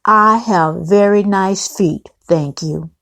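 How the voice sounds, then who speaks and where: A woman's voice: medium pitch, takes it slowly, creaky, a bit bright, exaggerated voice. A woman reading out the lines of a tired, guarded woman being charmed at dinner, barely acting. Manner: plain read-out dialogue, barely acted.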